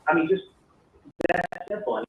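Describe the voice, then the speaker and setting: A man's voice: on the high side, big pitch swings, unhurried. A man rambling in a recorded conversation, repeating himself with lots of fillers. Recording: tinny distant phone tap, roomy, faint hiss.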